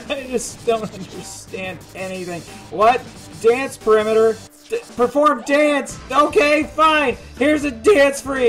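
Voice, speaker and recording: A man playing a video game demo and commenting, confused and nervous, laughing to himself and breaking into high, panicked shouts when scared. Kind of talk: let's play commentary.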